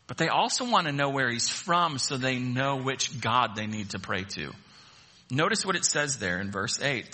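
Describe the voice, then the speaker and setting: Bright-voiced man preaching a sermon. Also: medium pitch, breathy edge. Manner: animated, acts out voices of the sailors. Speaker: pastor.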